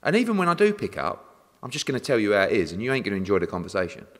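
A fairly low-voiced man rants in a casual interview, his pitch swinging widely as he swears and acts out exchanges. The room carries a long reverb tail. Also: rapid-fire. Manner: animated, swearing, ranting with acted-out exchanges. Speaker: boxing promoter, interview guest.

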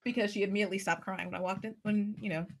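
This woman hosts a podcast as a family physician, and her talk is casual, bubbly and playful. Her pitch sits at an everyday middle level for a woman. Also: steady tone, racing. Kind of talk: casual chat.

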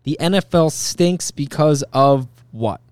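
A man's voice: a little high, measured pace, a little mellow, no room sound. A man co-hosting a casual sports podcast, pressing his co-host for a straight answer.

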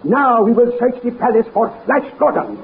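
An actor playing a resolute older male scientist who speaks formally and gives deliberate orders. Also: very high voice, expressive. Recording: hissy tinny old radio broadcast.

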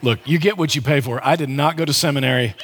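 A man's voice: medium pitch, fast talker, fairly bright tone, slight background noise. A man pastor giving a conversational, emphatic sermon, often restarting his sentences as he explains a Bible passage.

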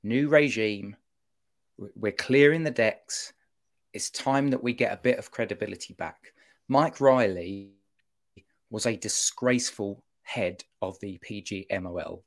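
A man giving an animated, opinionated monologue on a football podcast, often breaking off to mock-quote officials. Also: fairly low pitch. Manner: animated, self-interrupting, mock-quoting officials.

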